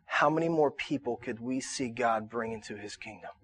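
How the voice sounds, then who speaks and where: A male pastor in his thirties preaching a conversational sermon to a room, repeating himself and rising to shouts in his stories. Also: medium pitch, moderate pace, husky, dry recording. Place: church auditorium.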